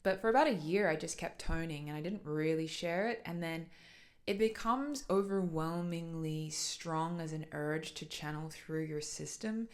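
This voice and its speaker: A woman's voice: low voice, moderate pace. A young adult woman talking casually about her spiritual practice, earnest and flowing, with many "like"s and "so"s. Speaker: light language channeler. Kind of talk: casual personal talk.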